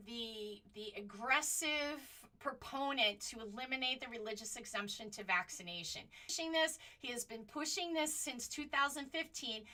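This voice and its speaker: A woman with a high, sharp voice, recorded from a distance, hosts a political commentary show from her home. She talks casually and with passion, rambling and hopping from one point to the next.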